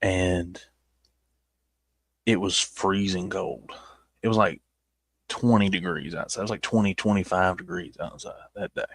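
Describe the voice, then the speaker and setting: Southern male vlogger, rambling and self-mocking, low husky voice, dry close mic. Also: steady tone, measured pace, long pauses, fairly bright tone, no room sound. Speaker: YouTuber reviewing his old videos. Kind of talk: casual chat.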